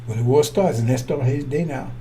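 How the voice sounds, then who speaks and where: A man's voice: medium pitch, fast talker, mellow, a little hiss or hum. A man preaching in a blunt, scornful way, often repeating and restarting his words. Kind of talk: fiery preaching.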